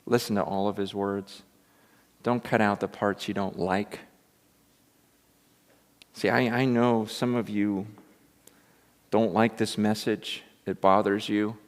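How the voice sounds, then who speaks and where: A man preaching a sermon in a lively, animated way, acting out quotes and building to loud, excited peaks. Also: on the low side, slow, long pauses. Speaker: pastor. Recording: long reverb of a large hall.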